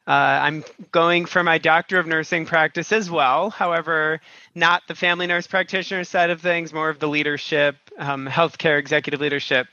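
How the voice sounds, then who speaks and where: Bright-voiced man as podcast guest. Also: on the high side, little pitch movement, no room sound, dull audio. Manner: friendly, measured, with filler uhs. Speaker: guest, nurse informaticist. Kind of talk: podcast interview.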